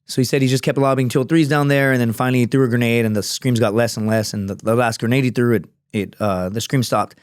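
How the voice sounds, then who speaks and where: A man's voice: mid-range voice, steady tone, fast talker, few pauses, smooth, no room sound, studio quality. A man, a former Marine and fighter, telling a story as a podcast guest in a casual, rambling way full of fillers and swearing. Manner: profane, rambling, many fillers.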